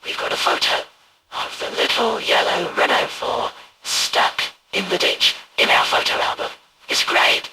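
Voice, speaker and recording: A man voicing a hulking animatronic storyteller, rambling through a comic anecdote in a deep, gravelly voice. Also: wildly swooping pitch, unhurried, full character voice. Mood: rueful. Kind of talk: fan voice acting of a poem. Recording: loud hiss and noise.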